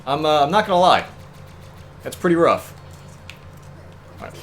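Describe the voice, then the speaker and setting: A man's voice: fairly high pitch, big pitch swings, normal speed, a little hiss or hum. A young man co-hosting a let's play, chatting casually and wryly, often exasperated and laughing. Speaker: co-host. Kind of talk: casual gameplay chat.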